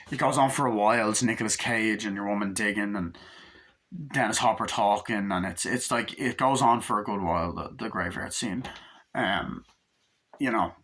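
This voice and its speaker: Bright-voiced man rambling a movie review. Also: lowish voice, unhurried. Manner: rambling, acts out movie lines with swearing. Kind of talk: casual film review vlog.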